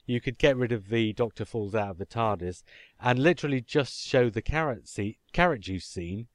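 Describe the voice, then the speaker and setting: A man's voice: medium pitch, normal speed, no echo. A man hosting a podcast, chatting casually and talking his points through at length. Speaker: podcast host.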